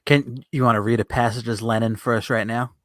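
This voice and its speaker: A man hosting a podcast in a casual, easygoing way, enthusiastic and quick to agree. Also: mid-range voice, fairly even intonation, dry recording, clean studio sound. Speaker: podcast host. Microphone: podcast studio mic.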